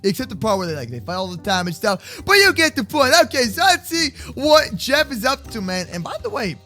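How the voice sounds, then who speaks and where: Male roleplay host with a very high, lively, bright voice. Excitable and slangy, shouts a lot. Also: brisk, soft background music. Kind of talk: playful game roleplay narration.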